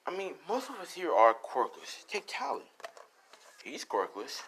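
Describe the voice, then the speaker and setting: A man voicing a stern old male leader of a secret group, speaking gravely and formally. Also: a little high, wildly swooping pitch, unhurried, noisy background, voice pushed up, full character voice.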